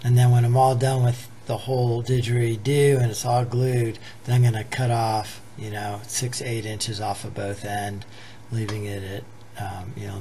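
A man casually explaining a woodworking project, thinking aloud in a relaxed way as he works. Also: fairly low pitch, a little hiss or hum.

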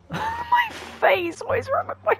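A woman playing a shooter game with friends, excitable, swearing and laughing a lot in casual chat. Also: very high voice, slow. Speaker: gamer streamer. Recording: with loud game music.

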